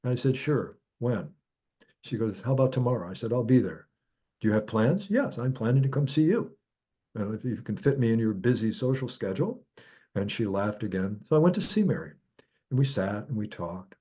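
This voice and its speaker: A man's voice: brisk, slightly rough, lo-fi sound. A man telling a personal story as a guest author, acting out the voices in his dialogue. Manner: animated, acts out quoted dialogue with jumps in pitch. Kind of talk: reflective storytelling.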